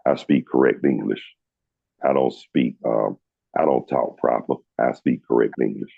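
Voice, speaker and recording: A man's voice: fairly even intonation, normal speed, vocal fry, breathy edge, no room sound, phone-quality sound. A man from Atlanta with a Southern drawl, telling stories in a casual chat with many restarts. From Atlanta, USA. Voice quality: very deep voice. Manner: storytelling with many restarts and quoted dialogue. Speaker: show host.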